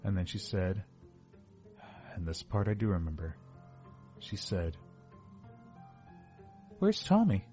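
A man's voice: deep voice, fairly even intonation, a little slow, pauses often, darkish tone, muffled recording, soft background music. A man narrating a first-person horror story in a wry, casual, self-mocking way.

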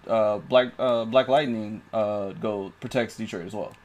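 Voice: medium pitch, fairly even intonation, unhurried. A podcast co-host in casual chat, chiming in with facts and hesitant uhs.

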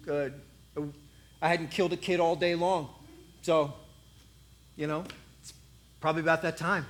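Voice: mid-range voice, fairly even intonation, unhurried, voice pushed down, close to an everyday voice. A preacher voicing a smug, menacing giant warrior in a sermon retelling. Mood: mocking.

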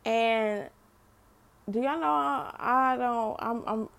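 A woman's voice: on the high side, takes it slowly, vocal fry, fairly bright tone. A middle-aged mother sharing an unscripted faith testimony, speaking earnestly to listeners and often repeating and restarting her phrases.

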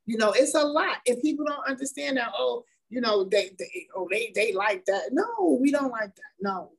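A woman's voice: fairly high pitch, lively intonation, normal speed, slightly rough, poor audio. A woman speaking candidly and emphatically as the wife of an incarcerated man, repeating words and laughing as she talks. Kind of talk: candid conversational testimony.

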